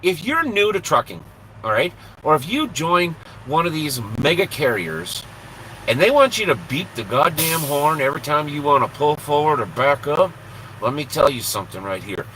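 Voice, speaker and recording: A man's voice: on the high side, big pitch swings, moderate pace, pushed and bright, slight background noise, rough recording. A man who drives a truck, chatting on his live stream from the cab in a blunt, profane, self-mocking way and laughing easily. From Minnesota, USA. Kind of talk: casual live-stream chat.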